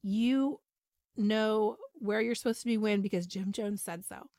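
A woman's voice: medium pitch, unhurried, no echo, studio quality. A woman podcast host retelling a story in casual, chatty talk with frequent ums and asides.

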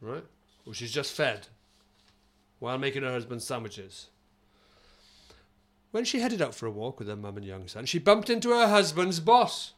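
Animated man telling a story. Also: medium pitch. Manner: playful, doing quick put-on regional accents, laughing often. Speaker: comedy podcast host. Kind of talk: casual comic chat, reading a news story aloud.

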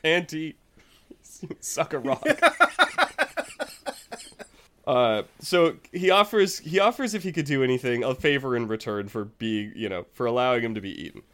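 A man hosting a casual storytelling podcast, reading a folk tale aloud in a playful, animated way. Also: medium pitch, brisk, hardly any pauses.

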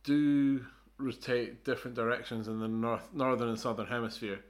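Man, podcast co-host, casual chat, lots of ums and restarts, mid pitch. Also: fairly even intonation, normal speed. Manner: hesitant, filler-heavy explaining.

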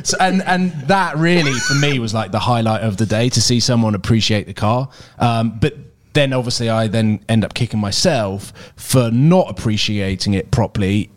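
Hesitant man, mid pitch. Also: normal speed, few pauses. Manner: hesitant, full of ums and restarts. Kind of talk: casual car podcast chat.

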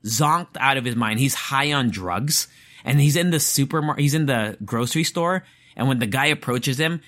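A man with a bright, clear voice chats casually to his listeners. He rambles and restarts his sentences often, sounding animated and incredulous. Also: mid-range voice. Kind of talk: casual monologue.

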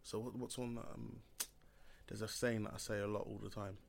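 Fast-talking laid-back man. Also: fairly low pitch, flat delivery, creaky. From England. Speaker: podcast co-host. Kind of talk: casual chat.

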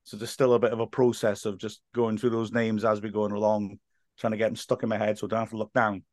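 Animated storytelling man, dry sound. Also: on the low side, fast, no echo. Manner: animated storyteller, laughs often, acts out quotes. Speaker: football commentator, podcast guest. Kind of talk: casual podcast chat.

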